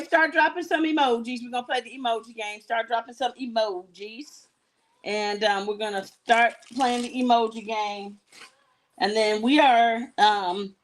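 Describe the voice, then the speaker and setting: A woman's voice: fairly high pitch, rough recording. A woman hosting a live jewelry-selling show, chatting casually and telling sassy stories between items, with asides to her viewers. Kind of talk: casual live-stream chat.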